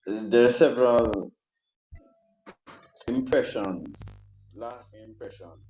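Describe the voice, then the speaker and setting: A man's voice: medium pitch, slow, darkish tone, lo-fi sound, slight background noise. A man sharing personal thoughts as a panel guest, hesitant and reflective. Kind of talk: panel discussion.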